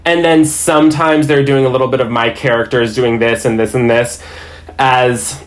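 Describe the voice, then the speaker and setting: Guy dm rambling through game stories, amused at himself, middle pitch. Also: steady tone, moderate pace. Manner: rambling, self-amused storytelling. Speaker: podcast guest, dungeon master. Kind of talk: casual chat.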